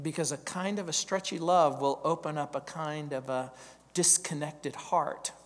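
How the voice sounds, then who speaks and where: A man's voice: fairly high pitch, fairly even intonation, a little slow, big-room sound. A male pastor preaching a verse-by-verse sermon, emphatic, stacking repeated phrases and rhetorical questions.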